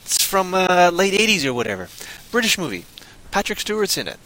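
A man's voice: high voice, sing-song, fairly quick, sharp tone. A man hosting a podcast in casual, rambling, jokey chat. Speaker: podcast host.

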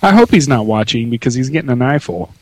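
A man trading jokes on a casual talk show, teasing his co-host and laughing often. His pitch swings around a lot as he talks. The sound is dry and close to the mic. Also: animated, quick pace, gravelly, darkish tone, dry recording, poor audio. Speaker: podcast co-host. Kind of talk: casual chat show banter.

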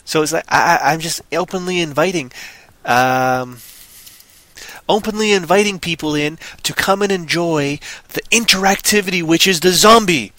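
A man's voice: fairly high pitch, normal speed, bright, forceful tone, no echo, poor audio. A man co-hosting a show in casual chat, rambling and playful, sometimes putting on a silly accent. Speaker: podcast co-host.

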